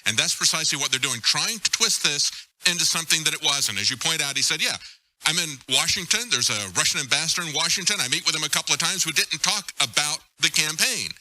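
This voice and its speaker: Bright, dry-sounding male guest. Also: fairly high pitch, expressive, fast, no room sound, rough recording. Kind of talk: political talk show discussion.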